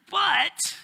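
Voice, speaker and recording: A middle-aged male pastor preaching a casual sermon, joking and bantering with his congregation. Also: sharp tone.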